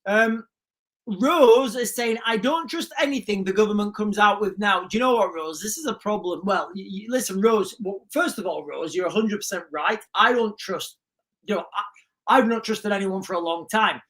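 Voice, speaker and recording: A woman hosting a live stream from a home desk mic, speaking at a middling pitch. She reads out chat comments and answers with sarcasm and emphatic repetition. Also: normal speed. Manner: sarcastic, emphatic, repeats key lines. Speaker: livestream host. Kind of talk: livestream commentary reading chat.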